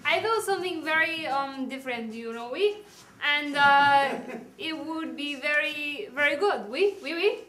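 A woman's voice: high voice, lively intonation, measured pace, a bit bright. A woman playing an architect with an exaggerated fake French accent in an improv comedy scene. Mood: earnest. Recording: echoey stage from far off.

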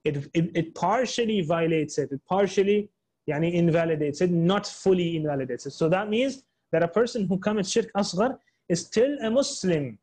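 High-voiced man teaching in repeated steps. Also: darkish tone. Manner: explains step by step, repeats himself, often restarts sentences; reads Arabic quotations quickly, then translates into English. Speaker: teacher of an Islamic studies course. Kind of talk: online class lecture.

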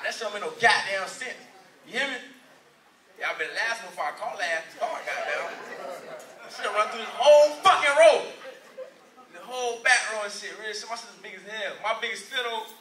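Brash high-voiced stand-up comic, rapid-fire. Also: male voice. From Orlando, Florida. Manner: loud, profane, laughing through punchlines. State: tipsy. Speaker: stand-up comedian. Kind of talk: live stand-up set. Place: small live comedy venue. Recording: roomy live sound, mic at a distance.

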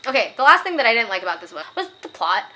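A woman's voice: fairly high pitch, big pitch swings, very fast, bright, forceful tone. A young woman giving a casual book review, passionate and opinionated, getting worked up and reading quoted passages aloud.

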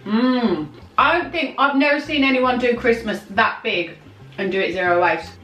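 A chatty woman co-hosts a family vlog, teasing and telling little stories between bites. Her voice sits at an ordinary pitch, heard from a distance in a reverberant room. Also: moderate pace, fairly bright tone. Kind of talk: casual mukbang Q&A chat. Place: home room decorated for Christmas. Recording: roomy, mic at a distance.

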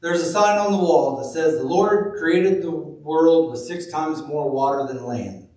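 Folksy preacher in an echoey church. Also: male voice, fairly high pitch, a little mellow. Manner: folksy storytelling, slow deliberate reading of scripture. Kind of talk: sermon. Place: church sanctuary. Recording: very echoey room, from far off.

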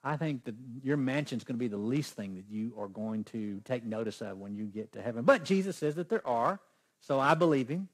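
Husky preacher. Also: male voice, medium pitch, expressive, fairly quick. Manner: emphatic, questions the congregation. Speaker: pastor. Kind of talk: sermon.

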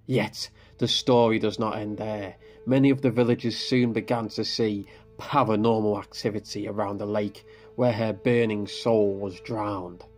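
A man narrating a scripted horror story in a grave, measured manner. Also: fairly low pitch, steady tone, a little mellow. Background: faint background music.

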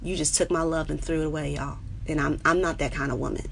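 Gravelly New York woman on a live stream. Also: fast, a little hiss or hum. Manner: animated, jumps to high squeals when excited, greets viewers by name. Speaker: stand-up comedian hosting a live stream. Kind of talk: casual live-stream chat with viewers. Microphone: webcam or phone on a live stream.

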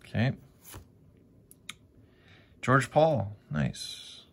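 A man's voice: medium pitch, very animated, very slow, vocal fry, a bit bright. A man commentating casually as he opens sticker packs, swearing often, grumbling about bad pulls and talking to his viewers. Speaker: sticker pack opener. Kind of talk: casual pack-opening vlog commentary. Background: wrappers crinkling, faint clicks.

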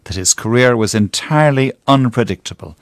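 A man presenting a radio documentary, reading scripted narration in a measured way between clips. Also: medium pitch, lively intonation, no echo, clean studio sound.

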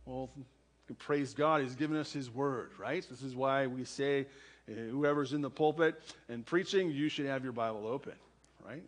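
A man's voice: medium pitch, moderate pace. A man preaching as a church pastor, talking the listeners through a scripture passage in a conversational way and often asking "right?". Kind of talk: sermon with scripture reading and prayer.

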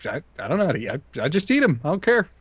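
Male co-host, goofy deadpan banter, dry close sound. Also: fairly high pitch, rapid-fire, husky, no room sound. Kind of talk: casual chat.

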